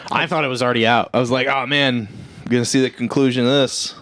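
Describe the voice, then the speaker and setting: A man's voice: medium pitch, steady tone, very fast, a bit bright. A man co-hosting a podcast in laid-back, chatty conversation. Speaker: podcast co-host. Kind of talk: casual chat.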